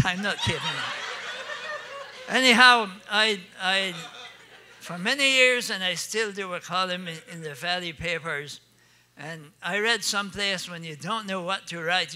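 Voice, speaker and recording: A man's voice: high-pitched, sharp tone. An older man with an Acadian French accent telling folksy comic stories on stage, laughing at his own punchlines. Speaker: storyteller.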